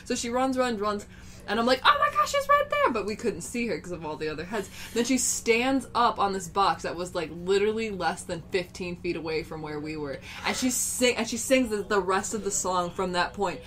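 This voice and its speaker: A woman's voice: mid-range voice, fairly quick, a bit bright. A young woman co-hosting a casual podcast chat, gushing and rambling with lots of fillers. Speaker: podcast co-host.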